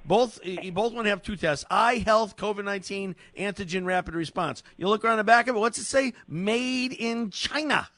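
A man hosting a call-in radio show, telling stories in an animated way and often repeating words as he talks. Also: sits high, brisk, few pauses. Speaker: radio talk show host. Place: radio studio. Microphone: studio microphone.

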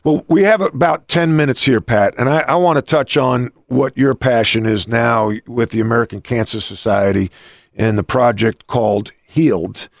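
Speaking at a moderate pace with medium pitch, the man hosts an interview, wandering through anecdotes with frequent restarts. It's casual talk, recorded dry with clean studio sound.

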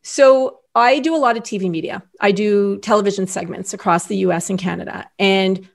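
A middle-aged woman talking as a podcast guest, telling an animated story and acting out other people's lines. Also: medium pitch, a little fast, vocal fry. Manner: animated storyteller, acts out quoted voices. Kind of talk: casual interview chat.

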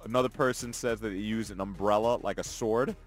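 In a studio, a man with a lowish voice hosts a morning radio show at a fairly quick clip. He chats casually and relaxedly, reads out texts from listeners, and chuckles often.

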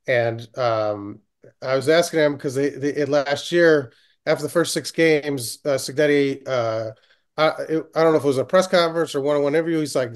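A man's voice: a little high, moderate pace. A man who covers college football, chatting casually with lots of hesitations and filler words. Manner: hesitant, lots of ums and you-knows. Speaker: college football beat reporter. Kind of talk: casual sports chat.

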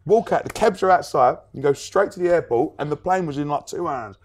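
A man's voice: a little high, a little fast. A man telling a story in casual chat, acting out the quotes and laughing often.

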